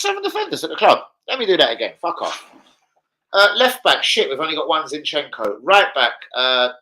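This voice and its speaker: A man's voice: medium pitch, pushed and bright, low-quality recording. A man chatting live to viewers about football, with sweary, blunt banter. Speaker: football fan streamer. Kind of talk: casual live-stream chat.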